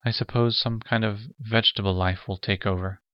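A man's voice: lowish voice, fairly even intonation, fairly quick, clean tone, dry recording, dull audio, lightly acted. A man voicing a bitter woman from a hospital who speaks harshly and coldly. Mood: icy. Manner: harsh, icy.

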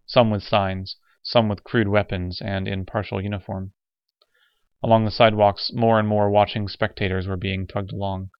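An audiobook narrator with a low voice reads in steady, measured scripted narration, every line even and deliberate. The tone is clean, but the recording is dull and narrow-band, dry with no room sound.

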